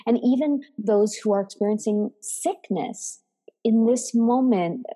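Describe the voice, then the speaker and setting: A woman's voice: fairly high pitch, a little slow, warm tone, big-room sound. A woman co-hosting a podcast in casual, reflective chat, often laughing. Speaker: podcast co-host.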